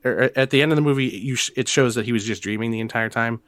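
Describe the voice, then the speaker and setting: A young man co-hosting a casual podcast chat, animated and quick to laugh, retelling films with energy. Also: no echo. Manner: animated, laughs often, breaks into high squeaky impressions. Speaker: podcast co-host.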